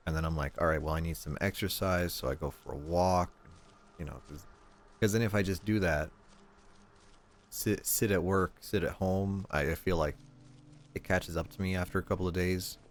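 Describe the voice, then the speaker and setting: A young man on stream chats casually in a low, steady voice at normal speed. He rambles, repeats his words as he goes, and quotes his family in different voices.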